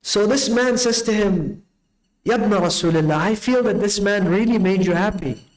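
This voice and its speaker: A man's voice: normal speed, rough recording. A man telling a story in a night sermon, acting out the dialogue with sweeping changes in his voice. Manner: animated storyteller, acts out dialogue with big pitch swings. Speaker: preacher.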